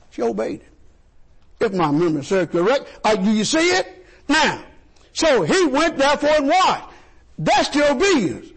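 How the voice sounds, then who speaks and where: Gravelly, animated preacher man. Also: extremely high pitch, moderate pace. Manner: animated call-and-response preaching, repeats and stumbles. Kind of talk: sermon.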